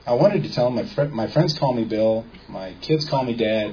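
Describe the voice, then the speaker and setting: A man's voice: mid-range voice, animated, a little fast, hardly any pauses. Man telling a courtroom story, lo-fi. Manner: storytelling, quotes people in dialogue, asks the audience questions. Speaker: seminar speaker. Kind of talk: casual lecture to a small audience. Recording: dull lo-fi recording with faint background noise.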